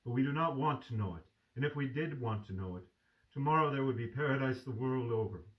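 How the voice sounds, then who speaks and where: A man's voice: mid-range voice, lively intonation, fairly quick, highs cut off, natural voice. A man reading aloud and voicing a tender, fervent young man who is dying, speaking in a pleading way. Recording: distant mic.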